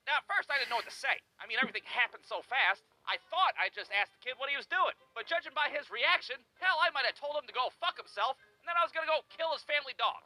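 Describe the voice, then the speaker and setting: Bright, high-pitched sardonic storytelling man. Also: sing-song, quick pace, hardly any pauses, poor audio. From Midwest. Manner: profane, sardonic. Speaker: comedy storyteller. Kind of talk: animated comedic storytelling.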